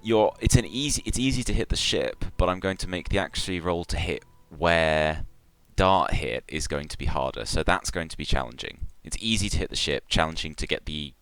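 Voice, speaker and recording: Male game master, extremely low voice, relaxed narrating style. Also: a little fast, few pauses, clean tone. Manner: relaxed, loose narration with fillers. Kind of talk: narrating a tabletop game stream.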